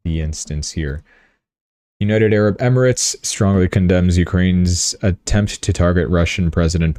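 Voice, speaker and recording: Male livestream host, deep and mellow, casual rambling commentary. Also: no echo. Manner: chatty, rambling, joking asides.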